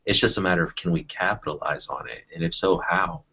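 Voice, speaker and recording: A man's voice: sits low, a little fast, pushed and bright, husky, dull audio. A man talking about teaching in a casual online discussion, thinking aloud with many fillers and restarts. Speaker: educator in a panel discussion.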